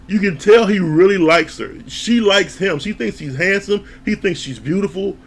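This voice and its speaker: Rambling male reviewer with a slightly high voice and an easy, chatty manner. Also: normal speed. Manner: rambling and chatty, with frequent laughs. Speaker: TV show reviewer. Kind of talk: casual episode recap.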